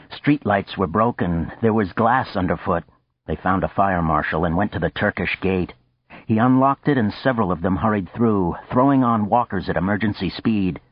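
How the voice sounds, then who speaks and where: A man reading a novel aloud as an audiobook narrator, with steady, deliberate storytelling. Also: lowish voice, no room sound, highs cut off.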